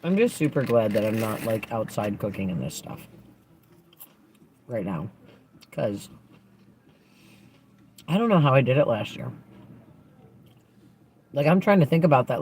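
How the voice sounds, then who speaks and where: A woman's voice: very deep voice, lively intonation, normal speed, pauses often, warm tone. A woman hosting a casual livestream from inside a parked car, chatting in an upbeat, rambling way. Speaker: livestream host. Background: passing traffic.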